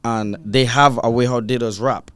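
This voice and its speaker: A man's voice: medium pitch, moderate pace, smooth, no echo. A young man with a Virgin Islands accent, telling stories in a casual, slangy interview chat. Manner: animated storytelling, slangy, acts out quotes. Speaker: guest artist.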